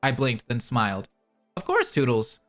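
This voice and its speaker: A man's voice: mid-range voice, huge pitch swings, moderate pace, a bit bright, soft background music. A man reading aloud as a tired, kind older woman narrating her own story in the first person.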